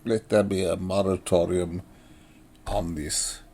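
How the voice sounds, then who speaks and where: A man's voice: low voice, fairly even intonation, slow, mellow, slight background noise. A middle-aged man from India giving a blunt, sardonic monologue commentary, profane and full of fillers. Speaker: political commentator.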